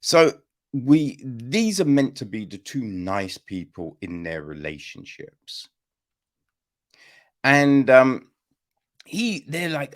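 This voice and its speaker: Gravelly guy picking apart a movie, swears a lot, pitch jumps all over the place. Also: takes it slowly, pauses often. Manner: animated, profane, keeps asking "you know what I mean?". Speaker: podcast film reviewer. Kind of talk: casual film review chat.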